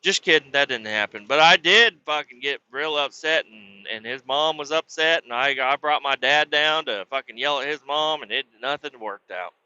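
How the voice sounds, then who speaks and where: A man's voice: on the high side, moderate pace, hardly any pauses, sharp tone, clear, resonant tone, no room sound, highs cut off. A man hosting a podcast, telling a rambling, crude comic story full of swearing. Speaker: podcast host. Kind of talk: profane comedic storytelling.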